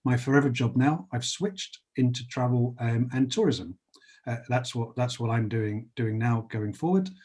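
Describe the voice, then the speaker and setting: Upbeat husky man with a London accent. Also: mid-range voice, moderate pace, darkish tone. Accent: London English. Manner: chatty, upbeat, with frequent fillers and restarts. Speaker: panelist. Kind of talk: panel introduction on a video call.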